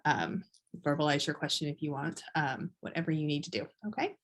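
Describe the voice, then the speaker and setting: A woman's voice: low-pitched, brisk. A woman, a school principal, hosting a parent video call in an informal way, with hesitant fillers.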